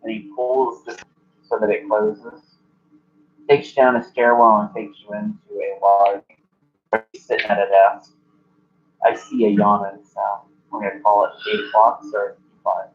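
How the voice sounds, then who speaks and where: A man's voice: lowish voice, unhurried, lo-fi sound, soft background music. Laid-back man running a tabletop game. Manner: relaxed, meandering narration with fillers. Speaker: game master.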